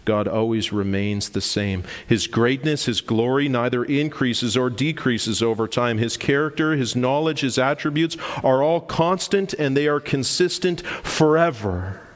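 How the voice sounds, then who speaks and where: A man's voice: medium pitch, a little slow, few pauses. A pastor in his forties delivers a sermon in a mid-range voice, pressing his points with emphatic rhetorical questions. His words carry a long reverb, as in a large church hall. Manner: emphatic, rhetorical questions, explains terms plainly.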